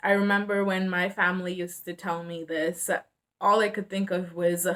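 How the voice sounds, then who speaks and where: A woman's voice: fairly low pitch, level tone, moderate pace, a bit bright. Earnest young woman, hesitant vlog talk. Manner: earnest, hesitant, frequent fillers and restarts. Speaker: mental health vlogger. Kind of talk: casual emotional talk to camera.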